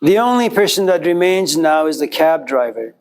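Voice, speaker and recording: Man lecturing, fairly high-pitched, chatty storytelling, addresses the class directly. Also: sing-song, moderate pace. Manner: conversational, addresses listeners directly; acts out quoted characters with jumps in pitch.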